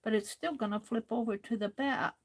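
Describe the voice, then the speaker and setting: A tired woman hosting a late-night crafting livestream, talking softly to herself as she works. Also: a little high, fairly quick. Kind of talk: casual talk while crafting live.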